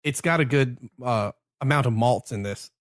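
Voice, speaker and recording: A man's voice: mid-range voice, moderate pace, dry recording, clean studio sound. A man co-hosting a podcast, chatting enthusiastically and joking about beer and films. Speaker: podcast co-host. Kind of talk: casual chat over beer tasting.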